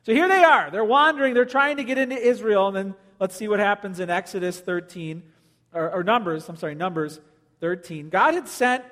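A male pastor preaching a sermon, animated and storytelling, joking with the congregation. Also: high-pitched. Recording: long hall reverb.

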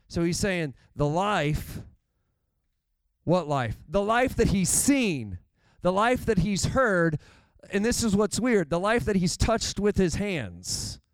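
A man delivers a sermon in a chatty, lively way, dropping asides to the congregation. His voice sits a little high and sounds smooth and resonant. The recording is dry and close. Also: dry recording. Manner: conversational and animated, with asides. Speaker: pastor.

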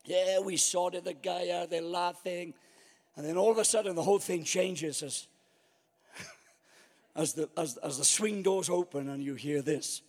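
A man's voice: fairly high pitch, unhurried, pauses often, darkish tone, in a large hall. A man preaching a storytelling sermon, acting out his own past thoughts.

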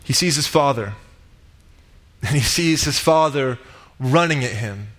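A man delivering a sermon, retelling a parable with dramatic build-ups and loud quoted cries. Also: mid-range voice, lively intonation, measured pace. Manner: dramatic retelling, rising to shouts in quoted lines. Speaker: pastor. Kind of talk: sermon storytelling. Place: church sanctuary.

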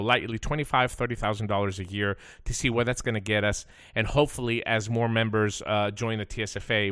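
Guy ranting on his radio show, swears a lot, voice jumps all over, bright and dry. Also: mid-range voice, no echo. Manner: fired up, profane, animated storytelling. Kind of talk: casual ranting talk.

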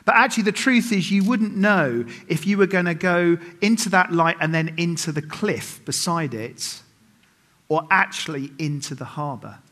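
A man's voice: on the high side, moderate pace, pushed and bright. A middle-aged man preaching a sermon at a church service, telling stories with humor and making self-mocking asides to the congregation. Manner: humorous storytelling with acted quotes.

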